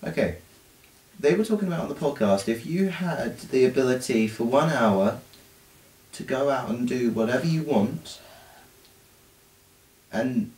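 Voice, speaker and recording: A man's voice: medium pitch, darkish tone. A young man co-hosting a casual podcast, telling stories with lots of hesitant fillers. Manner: hesitant storyteller, many fillers. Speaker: podcast co-host. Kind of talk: casual chat. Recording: roomy, distant mic.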